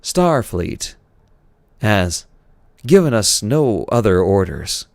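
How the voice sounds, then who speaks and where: A man's voice: fairly low pitch, very animated, slow pace, dry recording, full character voice. A man reading a novel aloud, voicing a commanding starship captain in a raised, firm delivery. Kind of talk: audiobook character reading.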